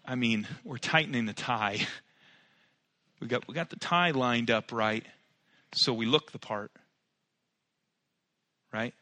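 A male pastor preaching a sermon in church, building to loud emphatic peaks and dropping to quiet, personal asides. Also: mid-range voice, slow pace, long pauses, no echo. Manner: preaching with swelling, emphatic rises and soft drops.

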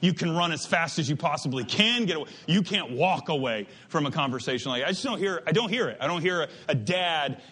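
A man preaching a sermon, animated and emphatic, drifting into asides and restarting his sentences. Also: a little high, fast talker, hardly any pauses, breathy edge. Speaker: pastor.

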